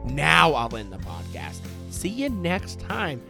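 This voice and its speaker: Rambling, lively podcast host, a man. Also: fairly high pitch, slow, vocal fry, loud music behind the voice. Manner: rambling and joking, heavy use of "like". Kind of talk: casual chat.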